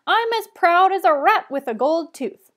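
A woman reading aloud and voicing a loud, excitable male TV adventurer with a hearty, slangy manner. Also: high-pitched, fairly quick.

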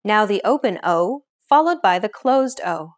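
Young woman, lesson host, explains steadily and clearly in a scripted read. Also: mid-range voice, expressive, measured pace.

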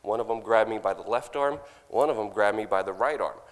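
A young man on stage, animatedly telling a story and loudly acting out his own past lines, with laughs in between. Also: lowish voice, a little fast. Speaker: speaker at a conference. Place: large conference hall. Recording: long hall reverb.

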